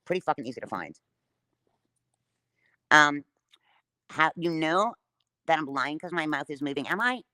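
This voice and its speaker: A woman's voice: low voice, expressive, normal speed, long pauses, bright, forceful tone, no echo. A woman livestreaming a defiant, profane rant straight at her viewers.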